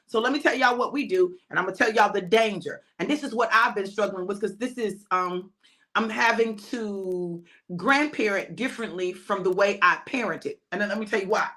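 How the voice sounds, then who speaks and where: A woman's voice: medium pitch, moderate pace, a bit bright. An older woman preaching an informal sermon, emphatic and repetitive, often calling out to her listeners.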